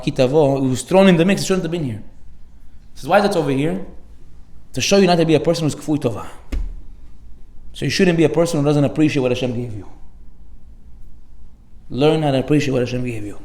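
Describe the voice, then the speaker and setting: Male rabbi, fast-talking, animated, jokey sermon; reverberant room. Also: a little high. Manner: animated, jokey, acts out quotes with sudden loud bursts. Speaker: rabbi giving a Torah class. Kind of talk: energetic sermon to a live audience. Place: study hall with audience.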